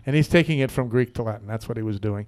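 Here the local radio host talks fast, his mid-range voice smooth and slightly mellow. Sitting in the studio, he rambles through a joke loaded with asides and filler words in a casual chat style.

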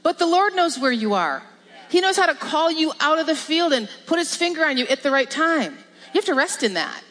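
A woman pastor giving a lively, emphatic sermon with repetition and laughs. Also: high-pitched, fairly quick. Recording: long reverb of a large hall.

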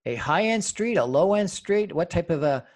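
A man hosting a radio talk show who asks questions haltingly, with many fillers and restarts. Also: sits high, lively intonation, darkish tone. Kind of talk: radio interview.

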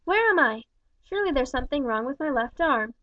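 An injured, brave railway fireman, as a woman reads him in a storybook, raised and earnest in tone. The voice sits somewhat high. The recording is dull and dry. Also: animated, fairly quick, dry recording. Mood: urgent.

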